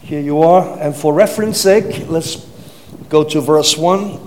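Male preacher, high voice, teaching sermon style with questions to the congregation; reverberant hall sound. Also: a little slow, darkish tone. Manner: teaching, rhetorical questions to listeners, repeats words.

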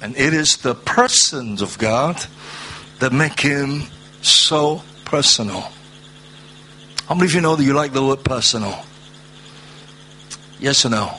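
A man preaching a sermon, reading scripture aloud and stressing words through slow repetition. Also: mid-range voice, expressive, pushed and bright, slight background noise. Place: church hall, seated at a low table.

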